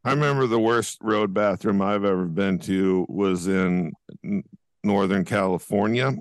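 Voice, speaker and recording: A man's voice: on the low side, a little slow, no room sound, clean studio sound. A man co-hosting a casual chat podcast, laid-back and blunt, swearing freely. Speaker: podcast co-host.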